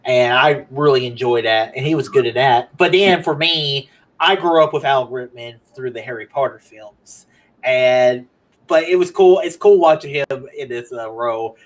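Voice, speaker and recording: A young man co-hosting a podcast, chatting casually about movies in an animated way, laughing often and acting out quotes. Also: medium pitch, moderate pace, poor audio. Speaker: podcast co-host.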